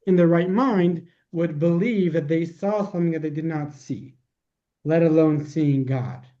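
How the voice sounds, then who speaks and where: A man's voice: a little high, measured pace, mellow, lo-fi sound. A man teaching a class, patiently explaining ideas and answering questions step by step.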